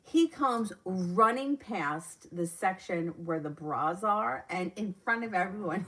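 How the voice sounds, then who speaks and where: A woman's voice: mid-range voice, animated, slow pace, few pauses, fairly bright tone. A woman reading viewers' questions aloud and answering them as a tarot reader on a live stream, chatting and laughing between readings.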